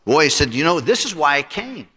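Preaching pastor with a bright voice. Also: male voice, fairly high pitch, big pitch swings, fairly quick, slightly rough. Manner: preaching with voiced characters and congregational read-alongs. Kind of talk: sermon. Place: church sanctuary. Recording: reverberant church sanctuary.

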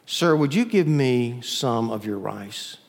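A man voicing a gentle, persistent male prince who asks softly and slowly, in a church with long reverb. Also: medium pitch, big pitch swings, gravelly, exaggerated voice.

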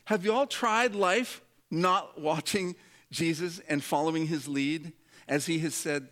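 A man's voice: a little high, measured pace, fairly bright tone. A man preaching a sermon to a congregation in a conversational, joking way, acting out the voices of the people in his story. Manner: humorous, conversational, acts out quoted voices. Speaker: pastor.

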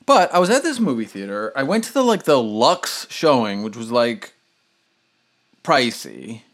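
A man telling a casual story on a podcast, rambling with lots of fillers and animated retellings. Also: medium pitch, measured pace. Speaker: podcast host.

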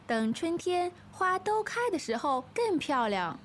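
A woman's voice: very high-pitched, very animated, measured pace, slight background noise, voice pushed up, full character voice. A woman reading the part of a cheerful woman who proudly keeps a tidy flower garden, in a scripted lesson dialogue. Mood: breezy.

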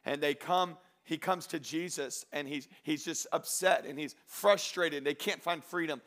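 A man preaching a sermon, moving between loud exhortation and quiet storytelling, drawing out key phrases slowly. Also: fairly high pitch. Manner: slows down and stretches phrases for emphasis. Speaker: pastor.

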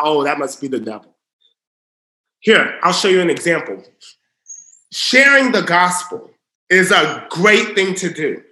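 High bright-voiced preacher man. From Southern US. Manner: earnest, drops to a hush for emphasis. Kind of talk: sermon-style teaching. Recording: roomy echo.

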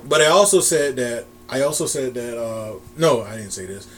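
A man's voice: medium pitch, expressive, moderate pace. A man talks wrestling news in a loose, rambling way, circling back and restarting his sentences as he goes. He laughs easily, and a faint hum sits behind his voice. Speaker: podcast co-host. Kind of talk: casual wrestling chat.

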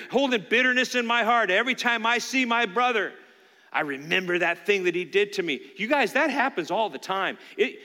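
A man with a high, ringing voice preaches a sermon, talking to his congregation in an earnest, conversational way. His voice carries through a church sanctuary with a long, trailing reverb. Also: bright, forceful tone. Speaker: pastor.

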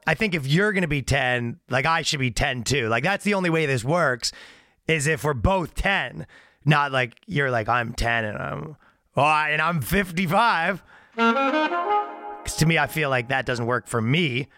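A man, a comedian guest, telling a rambling, halting story in casual chat and laughing at his own words. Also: a little high, big pitch swings, bright, forceful tone, no echo, clean studio sound, soft background music.

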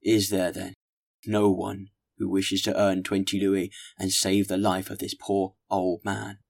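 A man's voice: low-pitched, monotone, measured pace, creaky, exaggerated voice. A man voicing an earnest mayor who makes urgent, insistent appeals to a crowd.

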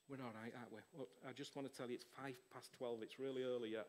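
A man, preaching an informal charismatic sermon in an excitable, rambling way. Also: mid-range voice, quick pace, few pauses.

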